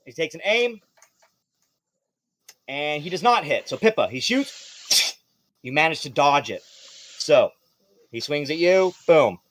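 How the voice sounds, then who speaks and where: A man narrating as game master of a tabletop role-playing game, lively and quick to laugh. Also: a little high, no echo. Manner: lively, laughs often, jumps into quick character shouts.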